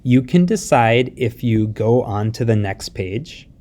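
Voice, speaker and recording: A man's voice: mid-range voice, animated, mellow. A man teaching a recorded lesson, explaining step by step in a patient way and often checking in with his students. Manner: patient, explains slowly, mixes English and Spanish words; often adds a rising "see?" check-in. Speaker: Spanish teacher.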